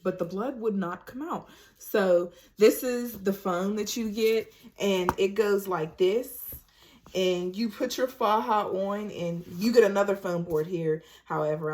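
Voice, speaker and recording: A young woman, telling a personal story in a casual vlog, animated and laughing often. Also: mid-range voice. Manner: animated, acts out quoted voices, laughs often. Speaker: vlogger.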